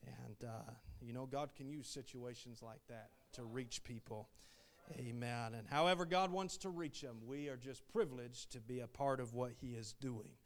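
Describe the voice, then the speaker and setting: Male missionary preacher, mid-pitched, folksy storyteller, swells into loud "Amen" refrains. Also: moderate pace. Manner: folksy, many "uh" fillers, rising to loud "Amen" calls. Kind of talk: sermon.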